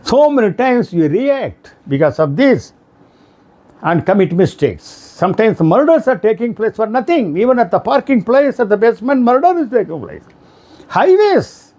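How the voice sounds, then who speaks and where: Animated Indian English male lecturer. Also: extremely high pitch, moderate pace. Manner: animated storytelling, acts out quoted shouts. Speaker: speaker on emotional intelligence. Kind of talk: motivational lecture.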